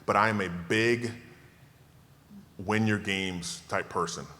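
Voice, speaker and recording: A man in his fifties from Tallahassee gives a keynote at a dinner, fielding questions in an emphatic, self-assured way with jokes. His voice sits low but comes across bright and forceful. The sound carries the long reverb of a banquet hall. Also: steady tone, slow. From Tallahassee, Florida. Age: 50s. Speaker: keynote speaker. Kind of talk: relaxed Q&A talk to a dinner audience.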